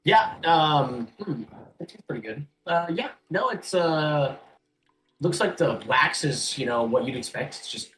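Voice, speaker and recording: A man's voice: a little high, lively intonation, a bit bright, a little hiss or hum, low-quality recording. Easygoing male game master. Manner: loose and halting, full of "um" and "like". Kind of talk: narrating a tabletop game.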